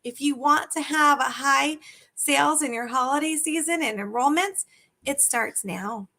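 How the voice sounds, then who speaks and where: Casting: middle-aged woman, sales coach, high bright voice, peppers the listener with questions. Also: a little slow. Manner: animated, asks the viewers many direct questions. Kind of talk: live video coaching talk.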